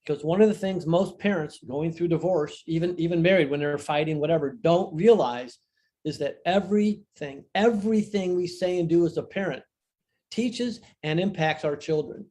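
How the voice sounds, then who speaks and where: Earnest older man, slightly high voice. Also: moderate pace, a little mellow. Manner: earnest, reflective, emphatic on key phrases. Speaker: guest, divorce author and coach. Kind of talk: conversational interview storytelling.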